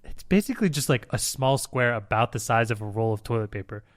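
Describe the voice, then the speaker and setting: A man co-hosting a podcast in casual chat, laughing and excitedly telling stories, in a hotel room. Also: mid-range voice, fast talker. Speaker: podcast co-host.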